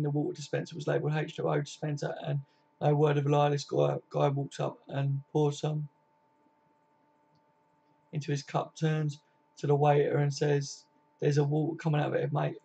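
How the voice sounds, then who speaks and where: This is a man in his late twenties from Kent with a voice pitched a little high, chatting on a live stream. He is laid-back and matey, and he answers his viewers by name with plenty of casual swearing. The recording is dull and lo-fi. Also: monotone, moderate pace, gravelly, mellow, breathy edge. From Kent, England. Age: 20s. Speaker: football fan live streamer.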